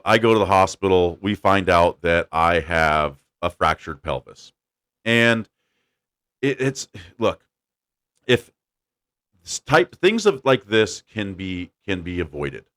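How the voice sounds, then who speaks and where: A man hosting a podcast, telling a story in a casual, animated way and laughing as he goes. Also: sits low. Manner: animated, laughing storyteller doing quick voices. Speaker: podcast host.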